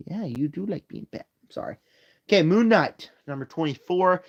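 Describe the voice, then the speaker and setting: A man hosts a casual live stream from his room, rambling through movie rankings while tired and yawning. His voice sits a little high and comes through dull, lo-fi phone audio. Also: animated, normal speed. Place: home room.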